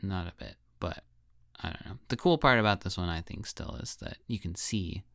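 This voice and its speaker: Male podcast co-host, relaxed and agreeable, low gravelly voice, dry close mic. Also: normal speed, no echo. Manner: laid-back, short agreeing replies. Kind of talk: casual chat.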